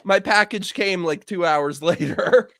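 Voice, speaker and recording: A man's voice: sits high, unhurried, a bit bright, dry recording, studio quality. A young man hosting a casual livestream, telling a story and breaking into giggly laughter. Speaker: show host.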